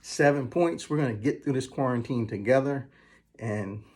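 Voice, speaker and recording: A man coaching viewers through numbered communication tips, slowing down to stress the key phrases. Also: mid-range voice, a little mellow, breathy edge. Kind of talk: motivational advice talk.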